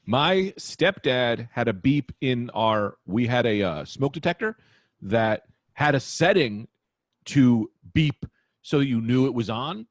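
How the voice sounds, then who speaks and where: A man co-hosting a casual comedy podcast, telling jokey stories with quick asides. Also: medium pitch, animated, dry recording, clean studio sound. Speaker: podcast co-host.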